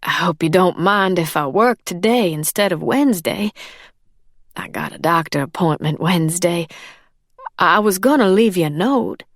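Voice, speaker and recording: A woman's voice: on the low side, animated, normal speed, no echo, studio quality. A woman voicing a loyal older housekeeper who speaks deferentially in dialect grammar. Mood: anxious.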